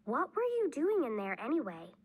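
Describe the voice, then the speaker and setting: A woman's voice: high-pitched, wildly swooping pitch, normal speed, breathy edge, phone-quality sound, pitched above the performer's own voice, full character voice. A woman reading aloud, voicing a serious young girl who plays at being a witch, earnest and a bit bossy. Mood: chatty.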